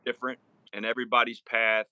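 Dude, lowish bright voice, laid back, earnest, dry close mic. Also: male voice, flat delivery, fast talker, no echo, muffled recording. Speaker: podcast co-host. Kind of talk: casual chat.

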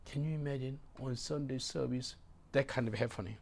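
A middle-aged man, a pastor preaching a sermon in halting, broken English. He drops to low murmurs and then bursts out loudly. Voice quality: gravelly. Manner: swings from low murmurs to loud exclamations.

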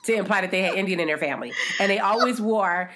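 Animated, teasing woman telling stories. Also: medium pitch, fast talker, a little hiss or hum. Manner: animated, teasing storyteller who acts out quotes. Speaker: podcast co-host. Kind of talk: casual chat.

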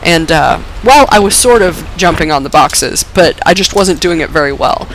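A woman commenting on her gameplay, her voice lowered and rough from being sick with a dry cough; excitable, swearing and laughing at herself. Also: normal speed, a little hiss or hum, low-quality recording. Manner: excitable, swears and laughs often, self-mocking. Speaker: let's play gamer.

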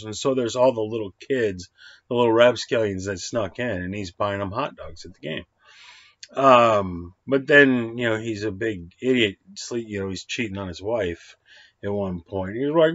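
A man giving a casual, rambling, excitable film review, with lots of fillers and the odd swear word. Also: mid-range voice, normal speed, dry recording. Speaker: movie reviewer. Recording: dull lo-fi dry sound.

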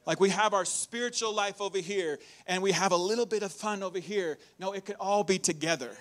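A high-pitched male pastor delivers a lively church sermon, upbeat and animated. He laughs often between his points and leans into the congregation. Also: a little fast. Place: church hall.

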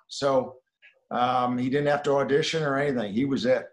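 A middle-aged man, a film director, telling anecdotes in an interview and dropping to a low murmur on asides. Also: fairly even intonation, moderate pace. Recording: roomy echo.

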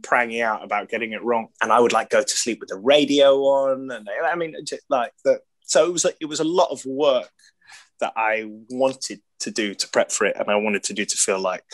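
A man's voice: mid-range voice, fairly quick. A man in his thirties with an English accent, a guest talking in a casual, self-deprecating way and laughing often. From England. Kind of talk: casual chat.

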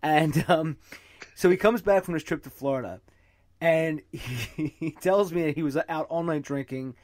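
A man's voice: on the high side, moderate pace, a little mellow. A man hosting a podcast, chatting casually, stammering and laughing as he tells stories. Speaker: podcast host. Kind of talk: casual interview chat.

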